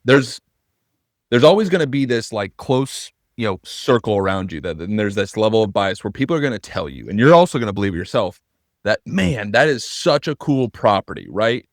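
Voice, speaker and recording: A man's voice: fairly low pitch, big pitch swings, fairly quick, no echo, clean studio sound. A man co-hosting a podcast in casual conversation, earnest and thinking aloud with frequent restarts. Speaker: podcast co-host.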